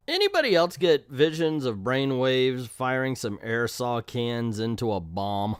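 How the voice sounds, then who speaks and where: A man's voice: medium pitch, expressive, slow pace, smooth, no echo, clean studio sound. A man casually reviewing an old comic book, joking irreverently and reading captions aloud.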